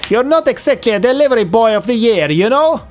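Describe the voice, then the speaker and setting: A loud, high, barking pizzeria boss put on by a man in a fake Italian accent, scolding and ordering his delivery boy around. He shouts up in a strained pitch, never softening. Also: sing-song, measured pace, faint music behind, full character voice. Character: gruff bossy male pizzeria owner.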